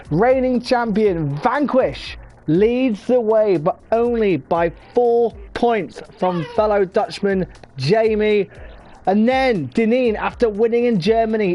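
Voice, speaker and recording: Upbeat racing commentator man. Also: high voice. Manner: energetic, hyping up the field, quick self-corrections. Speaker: lead commentator.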